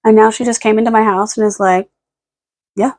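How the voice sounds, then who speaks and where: A young woman vlogging at home in a rambling casual chat, close to the camera mic, now and then slipping into high baby talk for her dog. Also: steady tone, fairly quick, darkish tone, dry recording.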